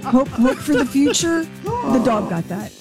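Woman, radio co-host, casual chat, teasing, high voice, music under her. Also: very animated, a little slow. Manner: chatty, teasing.

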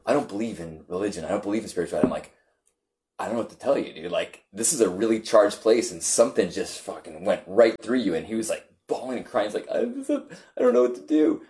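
A man telling a personal story in casual conversation, stumbling over restarts and growing animated as he recounts it. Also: lowish voice. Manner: halting, many restarts, animated retelling.

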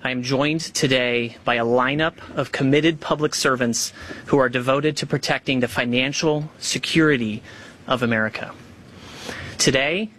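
A man speaking as a government official at a press conference, reading a formal statement in a measured, emphatic way. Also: mid-range voice, a bit bright, slight background noise.

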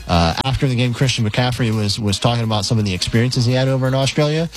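A man's voice: mid-range voice, fast talker, rough recording. Man, sports radio clip setup, casual with fillers, faint music bed.

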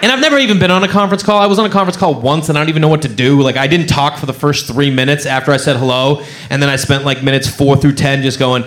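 A man's voice: on the high side, fast, a little hiss or hum. A man doing stand-up comedy, telling a story and acting out the voices of the people in it. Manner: animated, acts out characters' voices.

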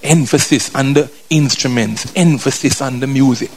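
A man's voice: mid-range voice, fairly even intonation, normal speed, hardly any pauses. A male preacher giving an emphatic sermon with colloquial turns, repeating phrases and checking in with the congregation. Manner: drifts in and out of a colloquial vernacular.

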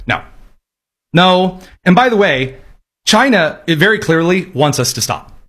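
A man's voice: sits high, expressive, normal speed, a bit bright. A man delivering sarcastic, emphatic political commentary in a ranting style. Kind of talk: opinionated commentary.

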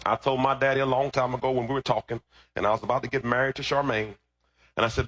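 Bright, husky preacher calling to his flock. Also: mid-range voice, level tone, fast talker. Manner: call-and-response questions to the congregation. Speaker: pastor. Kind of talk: sermon.

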